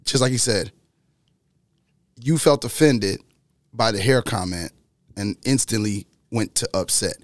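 A man in a casual group discussion who stumbles through restarts and then explains calmly. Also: on the low side, unhurried, long pauses, no echo, clean studio sound.

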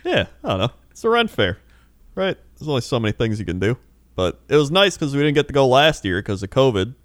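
A young man recounts weekend stories in a relaxed podcast chat, often laughing and imitating the people he met. His pitch swings widely, and the recording is dry and close. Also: quick pace, no room sound. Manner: laughing storyteller, acts out quoted people. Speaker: podcast co-host. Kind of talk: casual chat.

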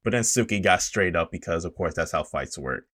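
Laid back guy on a podcast, slangy, laughing a lot, lowish voice. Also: lively intonation, fairly quick, fairly bright tone. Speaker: podcast co-host. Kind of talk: casual anime recap chat.

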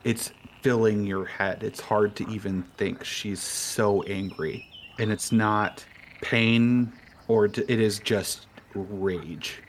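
A man narrating a tabletop game as game master in a slow, descriptive manner. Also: lowish voice, fairly even intonation, a little hiss or hum.

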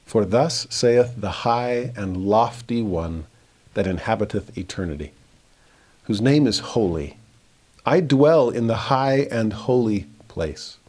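A man teaching a verse-by-verse scripture lesson, reading passages slowly and then paraphrasing them with rising emphasis. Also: on the low side, lively intonation, darkish tone.

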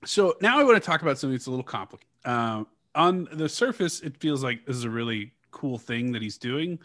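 A man's voice: mid-range voice, lively intonation, brisk, a bit bright. A man hosting a casual podcast, telling a history story conversationally with many fillers and reading quotes aloud. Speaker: podcast host.

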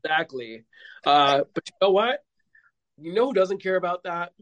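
A man's voice: sits high, animated, moderate pace, a bit bright, no room sound, lo-fi sound. A man, a podcast guest, telling rambling stories in casual chat with lots of fillers. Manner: rambling storyteller, heavy with fillers.

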